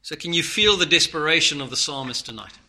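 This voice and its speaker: Bright-voiced man preaching a sermon. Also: fairly high pitch, expressive, fast. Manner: earnest, swinging from loud to hushed.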